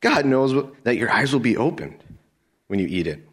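A sly, hissing serpent tempter, put on by a preacher during a sermon reading. He draws out his taunting questions slowly and stretches them higher than the speaker's usual tone. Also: very animated, husky.

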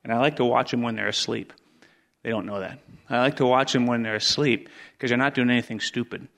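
A middle-aged man preaching a sermon as pastor, earnest, repeating his phrases and dropping from loud stress to near hush. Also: mid-range voice, steady tone, brisk, gravelly.

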